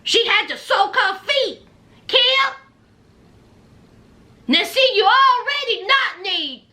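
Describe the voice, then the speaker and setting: Very high, bright sassy woman. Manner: sassy, animated, drawn-out punchlines. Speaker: reality TV recap vlogger. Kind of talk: comedic episode recap.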